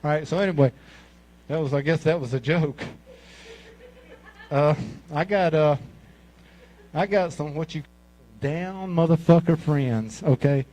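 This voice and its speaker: A man in his sixties with a Mississippi Southern drawl tells rambling, profanity-laced stories in a stand-up set. His voice sits a bit high for a man, and his delivery is crude, loose and conversational. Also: measured pace, long pauses, dark tone, poor audio. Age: 60s. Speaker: amateur comic at a talent show. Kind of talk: stand-up storytelling.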